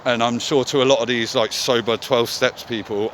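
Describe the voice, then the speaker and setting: A man's voice: mid-range voice, steady tone, moderate pace, hardly any pauses, a bit bright, slight background noise. A man vlogging in a candid, casual monologue, swearing often as he talks.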